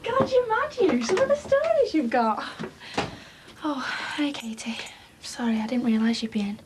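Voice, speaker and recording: A flustered young woman who has been caught off guard. Her voice is high, and loud background noise is heard behind her. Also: animated, normal speed.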